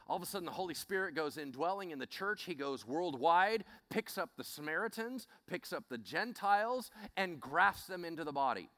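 A man preaching a sermon as a pastor, telling the story in an animated, conversational way and calling out questions to the congregation. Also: high-pitched, no room sound.

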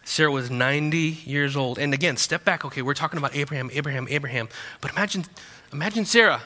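A man's voice: fairly high pitch, fast talker, pushed and bright. A young man preaching a sermon as pastor, talking in a conversational, joking way. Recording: long hall reverb.

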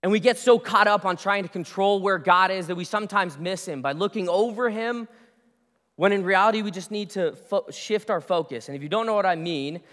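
Male pastor, bright high voice, chatty sermon delivery, long hall reverb. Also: a little fast. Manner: conversational, restarts phrases, storytelling asides.

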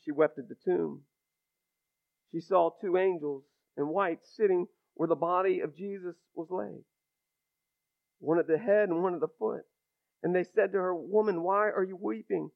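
A male preacher with a high, gravelly voice delivers an impassioned sermon, dropping to near-whispers before swelling into loud, ringing declarations. The sound is narrow and phone-like, as if heard down a telephone line. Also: fairly even intonation, normal speed, long pauses. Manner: impassioned, builds from hushed to loud. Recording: thin phone-like recording.

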